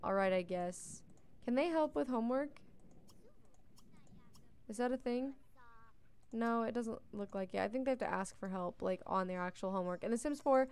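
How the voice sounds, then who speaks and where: A woman's voice: fairly high pitch, darkish tone, clean tone, dry recording. Chatty woman voicing game commentary. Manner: chatty, talks to the game characters. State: yawning a lot. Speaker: let's play host. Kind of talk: casual gameplay commentary.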